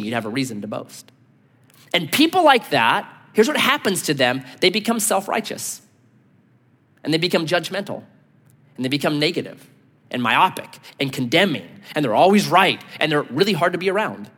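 A man preaching as pastor, telling stories with animated delivery and acting out the people he quotes. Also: high-pitched. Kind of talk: sermon. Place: church sanctuary. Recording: long hall reverb.

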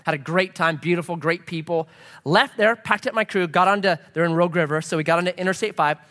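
A man's voice: high voice, fast talker, big-room sound. A middle-aged man, a pastor, preaching a sermon and telling a story, acting out the voices of the people in it. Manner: animated, acts out quoted voices.

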